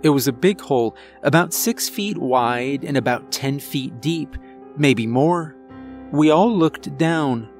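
A man narrating a first-person horror story in a measured, tense way, over faint music. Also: medium pitch, lively intonation.

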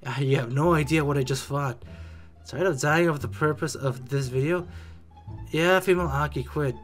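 Excitable jokey game reactor. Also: medium pitch, moderate pace, soft background music. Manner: excitable, jokey, exclaims often and mimics characters. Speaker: reaction video creator. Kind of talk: casual game reaction commentary.

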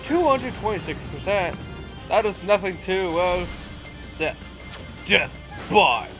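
Teen guy doing goofy game commentary, slow talker, voice bounces all over, loud game music under him. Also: high voice. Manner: goofy, excitable, swears, jumps into silly shouts. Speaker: let's play commentator. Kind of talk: casual gameplay commentary. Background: video game music.

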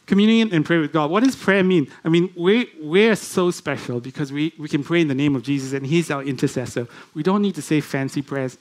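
A man preaching a sermon in a church, speaking conversationally and putting many questions to the congregation. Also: fairly high pitch. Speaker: guest preacher.

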